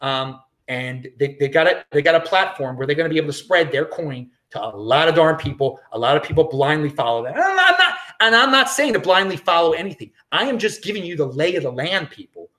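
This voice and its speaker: A man's voice: fairly high pitch, expressive, fairly quick, hardly any pauses, bright, forceful tone. A man hosting a solo podcast, giving an opinionated, rambling monologue full of restarts. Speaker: podcast host.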